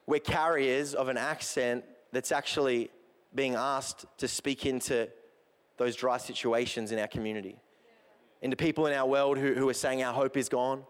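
A man's voice: mid-range voice, clean tone. A man preaching a sermon as pastor, driving his points home with repeated emphatic phrases. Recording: long hall reverb.

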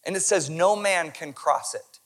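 A male pastor preaching an impassioned sermon that swings from hushed to loud. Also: sits high, measured pace.

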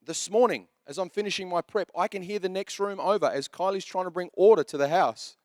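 A man's voice: high-pitched, a little fast, no room sound, studio quality. A man in his thirties preaching a sermon as pastor, telling jokey stories in a chatty way. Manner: chatty, joking storyteller.

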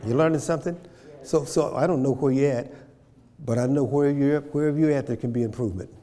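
A man's voice: mid-range voice, fast, mellow, big-room sound. A man preaching a sermon, repeating phrases and checking in with his congregation. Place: church.

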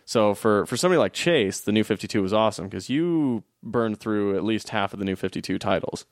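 A man's voice: fairly low pitch, expressive, fairly quick, no echo, clean studio sound. A man co-hosting a casual podcast chat, teasing his friend and laughing often. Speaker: podcast co-host.

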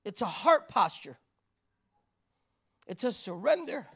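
A woman's voice: a little high, sing-song, slow pace, fairly bright tone, breathy edge. Brief: woman preacher, chatty sermon delivery, stacks rhetorical questions, tags lines with "right?". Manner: conversational, keeps asking "right?".

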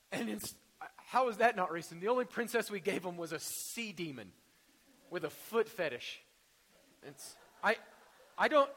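A man's voice: high voice, fairly bright tone, in a large hall. A man preaching a sermon in a conversational way, with jokes and rhetorical questions. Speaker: pastor.

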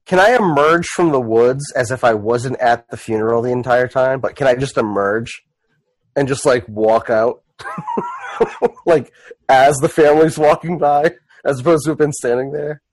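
A man's voice: medium pitch, moderate pace, no echo. Rambling man, dry close sound. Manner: rambling, filler-heavy, joking. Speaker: player. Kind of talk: casual tabletop role-play.

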